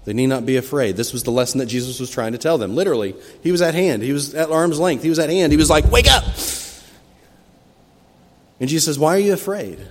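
Man preaching in a reverberant church. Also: medium pitch. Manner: expressive storytelling, acting out quoted cries with sudden loud rises. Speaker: pastor. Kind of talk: sermon. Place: church sanctuary. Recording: long hall reverb from a church.

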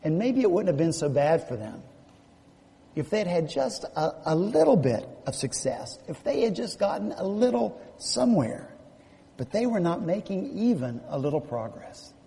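Male pastor, Southern US accent, animated sermon storyteller, long hall reverb. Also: high voice, normal speed, vocal fry. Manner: animated storytelling, acts out quoted speech. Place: church sanctuary.

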